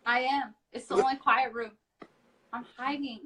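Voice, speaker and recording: A woman's voice: high-pitched, fairly even intonation, normal speed, fairly bright tone. A tired woman from the United States, a reality show guest, chatting bluntly and swearing casually on a live stream from a small storage room. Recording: voice from far off the mic.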